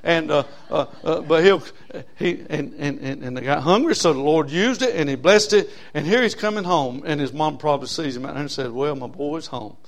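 A man preaching a sermon as pastor, folksy, swinging from loud emphasis to low asides. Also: normal speed, few pauses.

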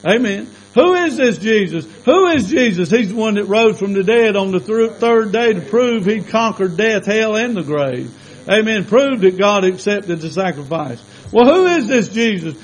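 A man with a strikingly high voice preaches a fervent sermon. He fires rhetorical questions at the congregation and punctuates his points with repeated calls of amen. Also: lively intonation, normal speed, poor audio.

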